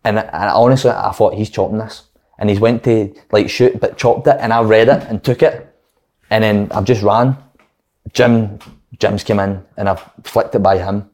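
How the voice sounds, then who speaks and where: A young Scottish man, a former footballer, telling sweary, animated stories in casual chat. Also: on the low side, moderate pace. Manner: swears freely, animated anecdotes.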